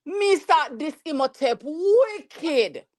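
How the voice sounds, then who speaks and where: A woman's voice: high voice, lively intonation, slow pace, a little mellow. A woman, arguing emphatically in a casual panel debate, building hypotheticals and repeating herself for stress.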